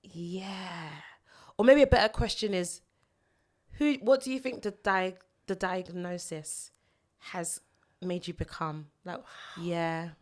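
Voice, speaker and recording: A woman's voice: fairly low pitch, slow. A woman from Nigeria co-hosting a podcast, chatting in a reflective, heartfelt way and laughing easily. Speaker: podcast co-host. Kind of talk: casual heartfelt chat.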